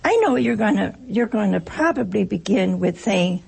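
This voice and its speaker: Brief: gravelly woman with a very husky voice, folksy anecdotal speaker who plays out little dialogues. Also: mid-range voice, animated, moderate pace, a little mellow, rough recording. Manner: folksy, joking storyteller; acts out short exchanges in other voices. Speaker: speaker addressing an audience. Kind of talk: informal spoken talk with anecdotes.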